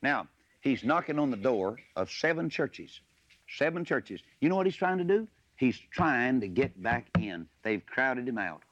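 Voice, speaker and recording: A man preaching a sermon, mixing folksy personal asides with loud, rising emphasis on scripture verses. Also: mid-range voice, very animated, a little slow, no room sound. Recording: dull lo-fi recording.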